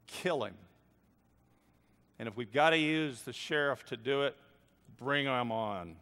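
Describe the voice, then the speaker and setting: An older man preaching a storytelling sermon, swinging between hushed and loud lines. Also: mid-range voice, a little slow, in a large hall. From United States.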